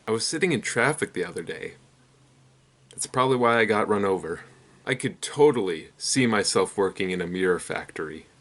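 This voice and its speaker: A young man hosting his own channel, telling a rapid string of one-liners in a deadpan way. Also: fairly low pitch. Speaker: comedy channel host. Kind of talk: rapid-fire joke telling.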